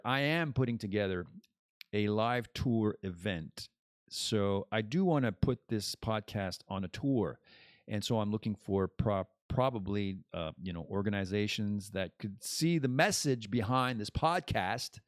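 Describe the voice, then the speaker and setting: A man's voice: lowish voice, dry recording, studio quality. A man hosting a podcast as a casual live stream, rambling and joking as he chats. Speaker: podcast host.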